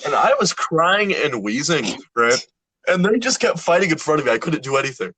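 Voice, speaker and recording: A young man tells a story on a podcast with animated, profane energy. His voice sits a bit high and husky and swings widely in pitch. The sound is dry and close. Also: brisk, dry recording. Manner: animated, swears a lot, acts out voices in anecdotes. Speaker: podcast co-host. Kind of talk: casual storytelling banter.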